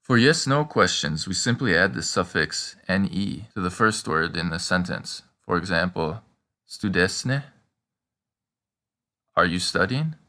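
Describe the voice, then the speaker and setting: A man teaching a scripted language lesson, prompting the listener with questions and slowing down for the example sentences. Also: low voice, lively intonation, pushed and bright.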